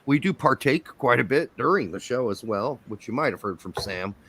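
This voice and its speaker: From his home in Indiana, a podcast host chats on a video call during a casual live stream, rambling with lots of fillers and laughing easily. His mid-range voice is animated, bright, and forceful with a slightly rough edge, at a normal speed.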